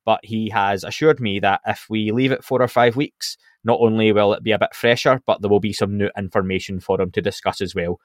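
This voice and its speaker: Speaking briskly with hardly any pauses, a man with a fairly low pitch runs through podcast show updates in a casual, chatty way. Ums and restarts come often, and the sound is clean studio audio with no echo.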